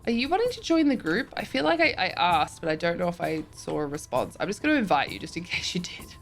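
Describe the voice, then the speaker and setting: Woman streamer, casual chat, reads messages aloud, giggly, soft music behind. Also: lowish voice, very animated, fast, vocal fry. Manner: chatty, reacts aloud, giggles often.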